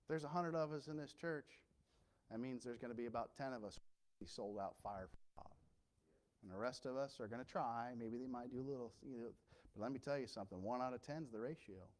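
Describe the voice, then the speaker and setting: A male pastor preaching a sermon with impassioned swings from quiet storytelling to loud emphasis. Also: mid-range voice, brisk.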